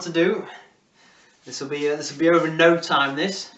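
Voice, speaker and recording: A man's voice: on the high side, flat delivery, moderate pace, fairly bright tone, reverberant, recorded from a distance, highs cut off. A man with an English accent leading a home workout class, encouraging and counting down reps. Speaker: fitness instructor.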